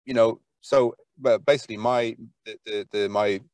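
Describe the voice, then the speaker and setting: A man's voice: lowish voice, fairly even intonation, normal speed, darkish tone, no echo. An Irish man talking as an interview guest, enthusiastic and rambling, with lots of fillers and restarts. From Ireland. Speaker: podcast guest, folklore archivist. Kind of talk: conversational interview.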